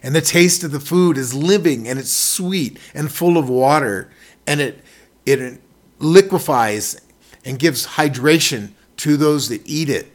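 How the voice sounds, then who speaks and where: Impassioned male preacher, loud then hushed. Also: fairly high pitch, a little slow. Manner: impassioned, repetitive, swings between loud and hushed. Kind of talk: sermon.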